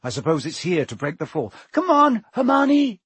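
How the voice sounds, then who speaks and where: A man's voice: a little high, quick pace, a little mellow, slightly rough, no room sound. Harry, a man doing a brave young schoolboy wizard. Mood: calling.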